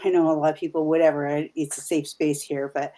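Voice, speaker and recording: A woman's voice: low-pitched, little pitch movement, fast, mellow. Rambling Canadian woman in her fifties. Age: 50s. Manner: rambling, full of restarts and asides. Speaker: guest paranormal investigator. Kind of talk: casual chat.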